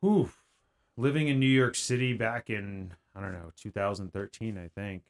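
A man's voice: on the low side, moderate pace. Rambling man guest with fillers. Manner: rambling, hesitant, many fillers. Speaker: guest creator. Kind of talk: casual podcast conversation.

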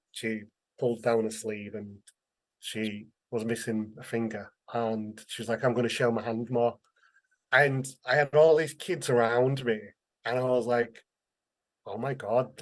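A man, a guest telling his life story candidly and earnestly, acting out the voices of people he quotes. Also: medium pitch. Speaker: interview guest, author.

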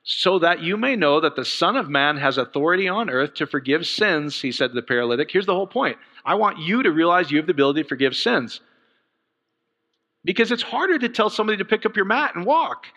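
A middle-aged man preaches in a casual, conversational way, his bright, forceful voice climbing into fervent bursts. The slightly high voice rings out in a hall with a long reverb. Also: fast talker. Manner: conversational, animated, rising to fervent outbursts with laughs and asides. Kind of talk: casual sermon.

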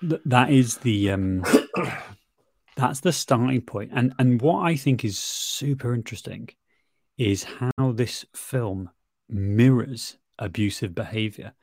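A man's voice: medium pitch, slow, a little mellow, no echo, clean studio sound. A man reflecting on a film in casual chat, thoughtful, often restarting, and sweary.

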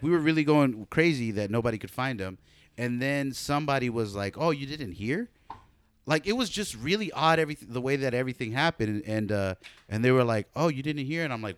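A man's voice: mid-range voice, smooth, no echo. A man co-hosting a podcast, telling a long story in casual, profane chat with lots of fillers. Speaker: podcast co-host.

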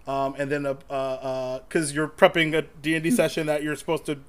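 A man chatting on a tabletop gaming panel, his voice pitched a bit high. He talks in an animated, joking way and often repeats his words as he goes. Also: fairly quick, clear, resonant tone. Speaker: podcast guest, tabletop player. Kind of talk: casual panel discussion.

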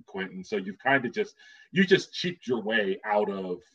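A man's voice: lowish voice, sing-song, measured pace, fairly bright tone, husky. A man co-hosting a podcast, chatting about films hesitantly, with many fillers. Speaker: podcast co-host. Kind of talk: casual film discussion. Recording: dull lo-fi audio.

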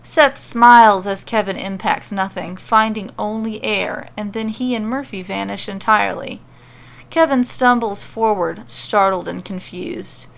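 Gravelly-voiced woman narrating a story. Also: mid-range voice, a little slow. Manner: steady descriptive narration. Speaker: podcast storyteller. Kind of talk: reading a fantasy fan-fiction story aloud.

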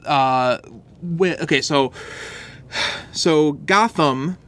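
A man co-hosting a chatty comic book podcast, with a voice a touch high for a man. He describes details enthusiastically, leaning on fillers as he goes. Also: very slow, a bit bright. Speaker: podcast co-host.

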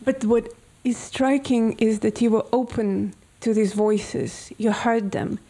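Woman interviewer, slow and gentle, kinda gravelly warm voice. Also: a little high, flat delivery, rough recording. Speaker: guest host.

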